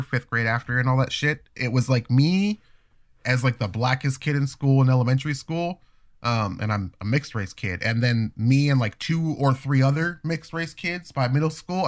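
A podcast co-host in his thirties tells stories in casual chat, speaking at medium pitch. He is animated and profane and acts out other people's voices.

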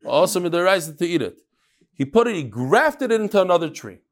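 A man leads a Talmud class, reading passages aloud and then breaking them down in quick explanations. His voice sits a bit high and rises and falls animatedly as he poses questions and answers them. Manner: animated, shifts between Aramaic reading and English explanation. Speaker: Talmud teacher.

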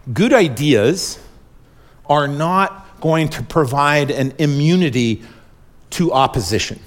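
A male pastor preaching a sermon in an emphatic, repetitive way, calling on the congregation to respond. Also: mid-range voice.

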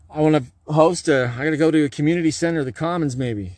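A man giving a rambling, erratic, profane monologue, swinging between low muttering and loud outbursts. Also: rapid-fire, hardly any pauses, dry recording.

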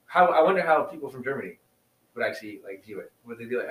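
A man's voice: medium pitch, lively intonation, rapid-fire, fairly bright tone, far from the mic. Laid-back man in a roomy room. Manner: rambling, laughs often. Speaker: podcast co-host. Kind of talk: casual chat. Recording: roomy, a bit off-mic.

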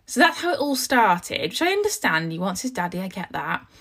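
A young woman tells her viewers a long story in a loose, chatty way. Her voice sits at a middling pitch for a woman. She rambles, restarts often and leans on "like" as she goes. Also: very animated, brisk, fairly bright tone, slightly rough. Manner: chatty, rambling, heavy use of "like". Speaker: mum vlogger.

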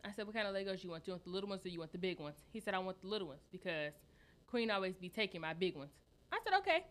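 A woman co-hosting a podcast, telling stories in loud, profane casual chat and laughing often. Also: medium pitch, expressive, rapid-fire. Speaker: podcast co-host.

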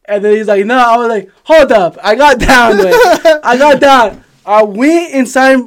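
A man, casually telling an animated, profanity-laden story on a podcast and laughing as he goes. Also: very high-pitched, normal speed. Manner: animated, swears a lot, laughs while telling. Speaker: podcast host.

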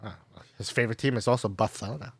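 A man's voice: mid-range voice, quick pace, vocal fry, fairly bright tone, slightly rough, no room sound. A man co-hosting a casual chat, joking around in slangy talk and laughing often.

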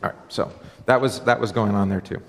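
A pastor giving a relaxed, conversational sermon, his low voice carrying some gravel. He drops into quick acted-out exchanges and trips over restarts as he goes. The sound rings out in a long hall reverb. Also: a little hiss or hum. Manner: conversational, acts out dialogue, frequent fillers and restarts.

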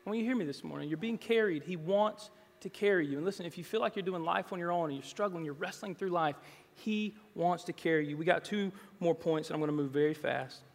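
A pastor preaching a sermon in earnest, swelling to loud, emphatic passages. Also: male voice, fairly high pitch, a little fast, creaky. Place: church sanctuary. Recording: long reverb in a large hall.

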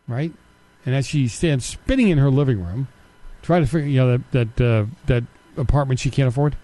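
A man's voice: a little high, dark tone, no room sound. A middle-aged man hosting a political commentary show, delivering a combative, sarcastic opinion monologue full of rhetorical questions.

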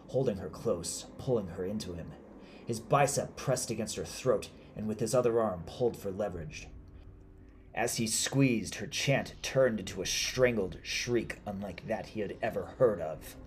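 A man narrating a scripted horror story in a measured, deliberate way. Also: lowish voice, a little hiss or hum.

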